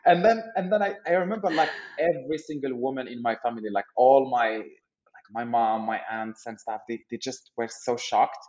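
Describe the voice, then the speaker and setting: A man's voice: medium pitch, normal speed, darkish tone, reverberant, lo-fi sound. A man from Morocco in his thirties, a startup founder telling a funny story on a podcast, laughing often and repeating words as he goes. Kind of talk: casual storytelling interview.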